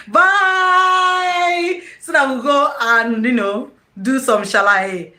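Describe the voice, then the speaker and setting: Bubbly high-voiced Nigerian woman, roomy echo. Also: very slow, a little hiss or hum. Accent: Nigerian English. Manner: excitable, effusive, laughs often. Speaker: YouTuber hosting a live stream. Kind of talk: casual live-stream chat.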